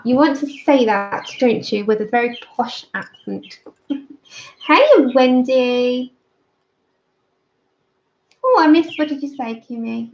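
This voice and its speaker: Unhurried woman with gravelly fry. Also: fairly high pitch, a little hiss or hum. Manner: chatty, reads out and answers live chat. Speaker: livestream host. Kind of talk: casual chat while coloring. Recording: slightly dull lo-fi sound.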